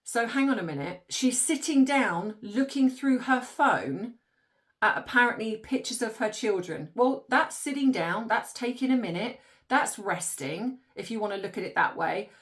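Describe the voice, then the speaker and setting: A woman in her forties talks straight through an opinionated commentary monologue. Her voice sits a little higher than most, and she sounds more and more exasperated, breaking into laughs of disbelief as she rants. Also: expressive, moderate pace. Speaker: commentary channel host.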